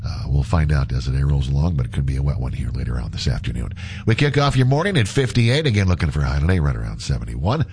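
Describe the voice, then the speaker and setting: A man's voice: extremely low pitch, big pitch swings, fast talker, a little mellow, husky. A man hosting a casual morning radio show, talking through a stuffy, congested nose in a chatty, self-mocking way. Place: radio studio.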